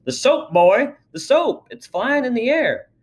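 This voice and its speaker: A man voicing an excitable father who shouts in surprise, reading a children's story aloud. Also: unhurried, full character voice. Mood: astonished. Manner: shrill, high-pitched exclaiming.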